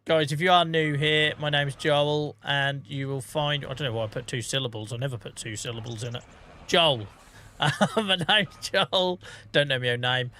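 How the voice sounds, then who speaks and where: A man's voice: mid-range voice, moderate pace, pushed and bright. A man in his forties chatting casually on a gaming livestream, self-mocking and joking, with light swearing and frequent laughter. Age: 40s.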